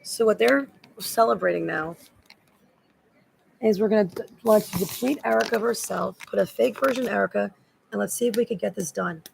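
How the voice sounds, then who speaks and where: A woman's voice: mid-range voice, brisk, gravelly, a little hiss or hum, low-quality recording. A woman in a rambling, agitated spoken monologue that loops back on the same words.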